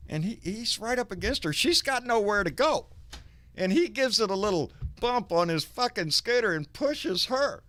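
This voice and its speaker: Dude hosting a live chat show, bright voice, gets loud and excited telling stories, swears a lot. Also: male voice, high-pitched, moderate pace. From Texas. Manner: animated storytelling, cursing freely. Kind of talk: casual chat with a caller.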